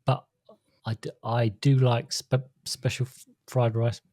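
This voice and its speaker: Guy with a dark mellow voice, stammery and playful, dry close mic podcast chat. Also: mid-range voice, level tone, unhurried, no room sound. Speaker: podcast co-host. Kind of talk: casual chat.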